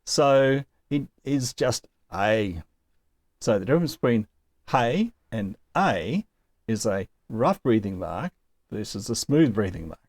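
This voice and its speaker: A man's voice: mid-range voice, lively intonation, normal speed, a little mellow, dry recording. A man giving a recorded lesson on Greek pronunciation, explaining patiently and carefully and chuckling now and then. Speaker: Greek teacher.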